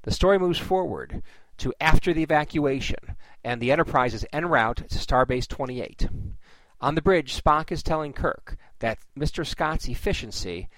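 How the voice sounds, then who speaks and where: Male host narrating a plot recap, even and wry, dry close sound. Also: fairly high pitch, normal speed, dry recording, rough recording. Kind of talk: scripted plot recap with casual asides.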